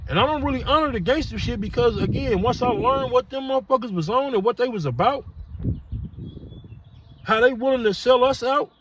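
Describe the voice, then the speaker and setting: A man's voice: high voice, lo-fi sound, noisy background. A middle-aged man hosting a casual podcast monologue, blunt and profane in street talk. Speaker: podcast host.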